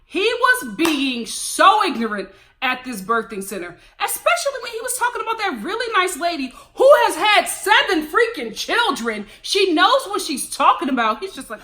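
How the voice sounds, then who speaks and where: A TV recap vlogger with an extremely high-pitched voice reviews reality TV at a moderate pace, ranting in a sassy, animated, opinionated way and laughing along.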